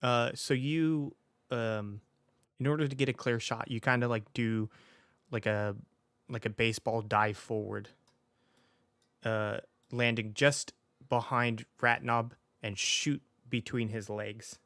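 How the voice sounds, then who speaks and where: A man's voice: medium pitch, fairly even intonation, slow, a bit bright, no echo, clean studio sound. A man running a tabletop game as game master, narrating with frequent ums and restarts. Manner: hesitant, many ums and restarts.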